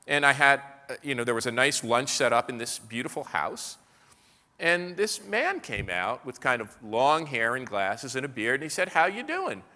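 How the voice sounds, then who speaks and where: Bright-voiced American man in a hall. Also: mid-range voice, animated, moderate pace. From United States. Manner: anecdotal, with frequent restarts and repeated words. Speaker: keynote speaker. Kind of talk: storytelling lecture to a live audience. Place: large hall at an evening business event. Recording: live talk with long hall reverb.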